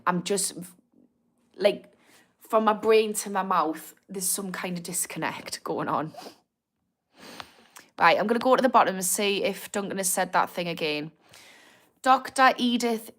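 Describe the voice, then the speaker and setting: A woman's voice: medium pitch, a bit bright. A woman with a Geordie accent and a slightly posh edge, chatting frankly on a livestream and answering viewers' comments as host. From Newcastle, England. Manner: frank and chatty, swears freely, reads comments aloud. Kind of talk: casual live-stream chat.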